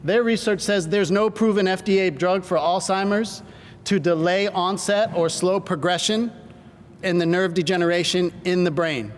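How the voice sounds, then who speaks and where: High-voiced man giving a seminar talk. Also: moderate pace. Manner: energetic, engages the audience with call-and-response. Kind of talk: stage presentation to a live audience. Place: large hall with audience. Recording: hall reverb, faint rumble.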